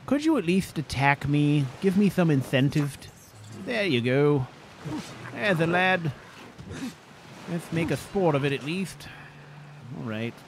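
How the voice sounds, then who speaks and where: A man plays a fussy, bookish adventurer in a video game, easily flustered and fond of prim, formal phrasing. His pitch swings widely, and his delivery is slow and drawn out. He grumbles to himself between lines. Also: expressive, slight background noise. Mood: exasperated. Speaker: gameplay narrator voicing his character. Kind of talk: in-character gameplay commentary.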